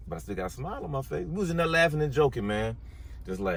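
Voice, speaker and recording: A man vlogging casually to his viewers at a car service shop, drawling and tacking "man" onto nearly every phrase, dropping to low mutters and rising to excited high exclaims. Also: fast talker. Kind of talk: casual vlog talk to viewers. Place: car dealership service area, then in a car.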